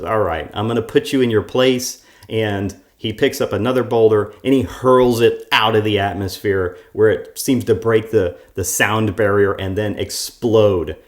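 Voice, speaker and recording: A man reviewing a show in a critical commentary vlog, ranting in a sarcastic way. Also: fairly low pitch.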